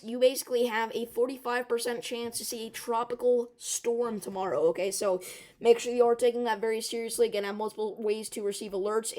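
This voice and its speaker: A woman with a hoarse, worn voice giving an urgent, emphatic severe weather forecast, often checking in with the viewer. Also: medium pitch, darkish tone. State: hoarse, strained voice.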